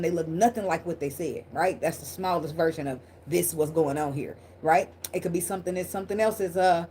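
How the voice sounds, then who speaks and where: A woman's voice: fairly low pitch, darkish tone, a little hiss or hum. Blunt, profane woman reading tarot. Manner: blunt, profane and laughing, talks straight to viewers. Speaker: tarot reader. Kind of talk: casual tarot reading to camera.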